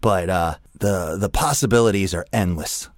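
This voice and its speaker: A man's voice: sits low, normal speed, dry recording, studio quality. A young adult man hosting a radio show, delivering a crude, profane, rambling comedic rant.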